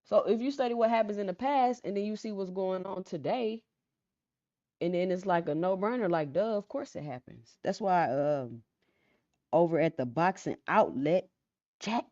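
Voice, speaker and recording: A woman hosting a casual live stream who chats with viewers, reads out their comments and often repeats her phrases in a calm, low-key way. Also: moderate pace, no room sound. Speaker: livestream host. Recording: dull lo-fi sound, dry.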